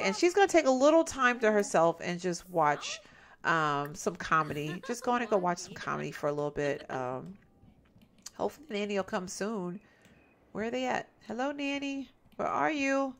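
A woman's voice: mid-range voice, a bit bright. A woman giving casual let's-play commentary, chatty and exasperated, often talking to her viewers as "y'all". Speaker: gameplay commentator.

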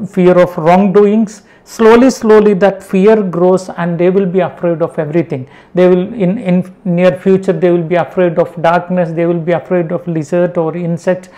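A man's voice: high-pitched, level tone, moderate pace, few pauses, warm tone. A man, a Christian preacher giving a spoken sermon, emphatic and fond of short rhetorical questions and repeated phrases.

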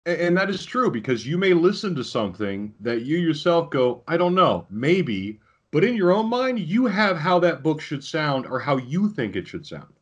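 A man co-hosting a podcast in casual chat, enthusiastic and emphatic, quick to agree. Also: fairly high pitch, sing-song. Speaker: podcast co-host. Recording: dull, slightly husky lo-fi audio.

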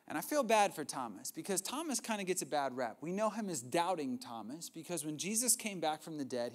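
A young male pastor delivers a sermon in a notably high voice. He tells the story in a lively, conversational way, with asides and acted-out quotes.

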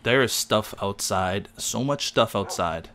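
A man chatting casually while playing a game with a friend, excitable and quick to yelp when startled. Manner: excitable, jumps high in pitch when startled. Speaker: gamer. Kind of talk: casual gaming commentary.

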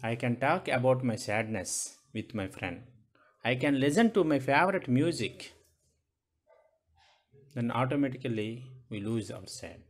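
A man's voice: mid-range voice, lively intonation, a little slow. A male teacher with an Indian English accent, giving a lesson to young children, asking questions and repeating points.

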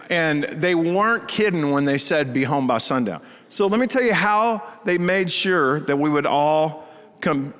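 A pastor from Texas with a Texas accent, preaching in a folksy, animated storytelling style and acting out the voices in his stories. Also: sits high. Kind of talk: storytelling sermon. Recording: reverberant church hall.

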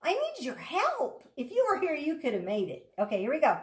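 A woman speech therapist leading children through a slow, enthusiastic word-practice game. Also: high-pitched, huge pitch swings, heavy background noise. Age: adult. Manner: slow, enthusiastic coaching prompts.

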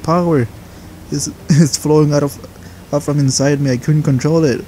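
A man's voice: a little high, fairly even intonation, moderate pace, dark tone, slight background noise, pitched above the performer's own voice, lightly acted. A man voicing a young male disciple who is panicked and pleading, stammering and strained.

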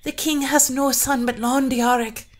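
A woman voicing a queen in anguish who cries out high, strained answers. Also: steady tone, a little slow. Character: anguished queen under torment.

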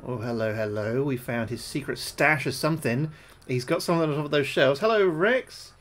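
A British man streaming a game live, talking through each move, often repeating himself, thanking his viewers and getting jumpy and loud when spooked. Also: mid-range voice, steady tone, fairly quick. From United Kingdom. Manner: chatty, repeats his own phrases, thanks viewers between moves. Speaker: gaming livestreamer. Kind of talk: live gameplay commentary.

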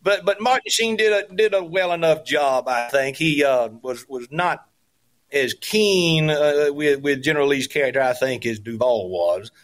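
A man's voice: on the high side, animated, normal speed, a bit bright. Hesitant man, history professor guest. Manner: hesitant, full of uh's and restarts. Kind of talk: casual interview talk.

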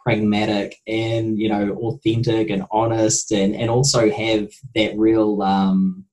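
A man, a nutrition researcher, answering interview questions in a thoughtful, measured way. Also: lowish voice, flat delivery, darkish tone, rough recording. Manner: thoughtful, measured, hesitant starts. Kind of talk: casual interview chat.

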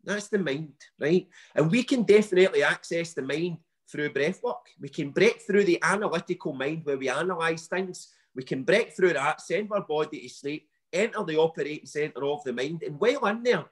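A man with a West of Scotland accent, a coach talking as a podcast guest in an animated, emphatic and blunt way, using local slang. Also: fairly high pitch, normal speed, hardly any pauses, breathy edge. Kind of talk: podcast interview, motivational talk.

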